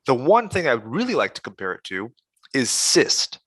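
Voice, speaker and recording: Brief: podcast co-host, man, bright and forceful tone, blunt and profane, dry close sound. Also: medium pitch, wildly swooping pitch, normal speed, husky, no room sound. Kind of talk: casual chat.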